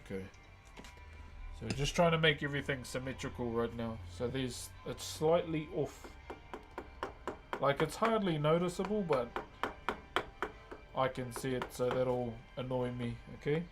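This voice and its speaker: A man's voice: mid-range voice, measured pace, long pauses, music in the background. Chatty New man streaming. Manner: relaxed, chatty, thanks viewers often. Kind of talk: casual live-stream chat while working.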